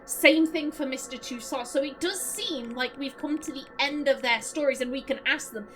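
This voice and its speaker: A woman's voice: high-pitched, normal speed, hardly any pauses, a bit bright, poor audio. A woman streamer commenting on a game as she plays, chatty and casually swearing. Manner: chatty, swears, talks to herself. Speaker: let's play streamer. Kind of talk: gaming commentary. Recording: voice over game music.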